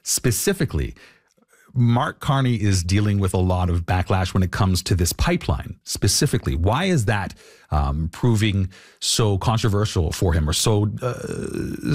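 A man's voice: low voice, lively intonation, normal speed, breathy edge, no room sound, studio quality. A man hosting a panel discussion, putting loosely phrased questions to his guests. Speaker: host.

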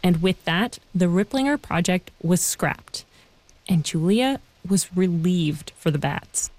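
A woman reporter giving a measured, scripted narration for a news feature. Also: lowish voice, lively intonation, darkish tone, no echo. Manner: measured, clear storytelling delivery.

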